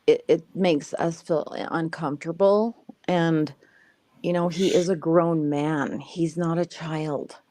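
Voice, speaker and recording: A woman's voice: low voice, fairly even intonation, slow pace, dark tone, dry recording. A grandmother chatting casually on a live stream, swearing freely and laughing often. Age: older.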